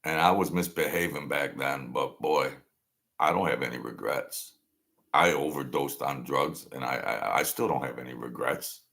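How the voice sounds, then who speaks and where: A man's voice: extremely low pitch, moderate pace, vocal fry, a bit bright. A man hosting a show, delivering a sarcastic, mocking rant. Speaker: host. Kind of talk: ranting commentary.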